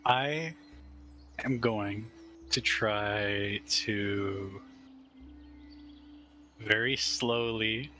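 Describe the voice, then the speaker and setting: A man with a low yet sharp-toned voice describes his character's actions at a tabletop game. He speaks very slowly and hesitantly, with frequent laughs. Faint noise sits behind him. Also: soft background music. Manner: slow and hesitant, often laughing. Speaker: player. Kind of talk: casual tabletop play.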